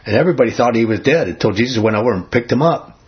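Male Bible study leader, husky and earnest, quizzes the group; muffled lo-fi recording. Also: mid-range voice, lively intonation, racing. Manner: earnest, asks the group questions. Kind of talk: conversational Bible teaching. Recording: dull lo-fi recording.

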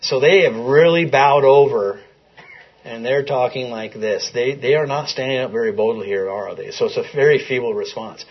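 A man's voice: medium pitch, fairly quick, hardly any pauses, husky, muffled recording. A man leading an interactive Bible class, asking his listeners questions in a conversational way.

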